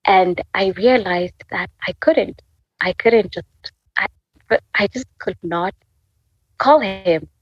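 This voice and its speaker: A woman's voice: medium pitch, husky, dry recording. Woman in her twenties, emotional faith story, stop-start phrasing, dull dry sound. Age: 20s. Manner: halting, many restarts, laughs through tears. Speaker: guest sharing a faith story. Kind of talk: emotional personal testimony.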